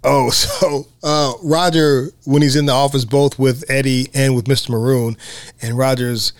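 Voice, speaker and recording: A man hosting a podcast, chatting casually about a film, animated and laughing often. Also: medium pitch, unhurried, dry recording, clean studio sound. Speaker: podcast host.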